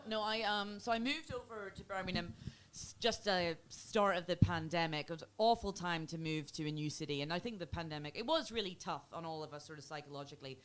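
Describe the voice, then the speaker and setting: A young woman with a Belfast accent performing a stand-up comedy set in a club, chatty and self-mocking. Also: fairly quick. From Northern Ireland. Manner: chatty, teasing, self-mocking, bursts of high put-on voices.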